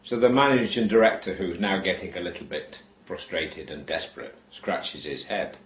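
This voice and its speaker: A man slowly telling a shaggy-dog joke, unhurried and deadpan with long pauses. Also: low voice, reverberant. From England. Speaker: joke teller.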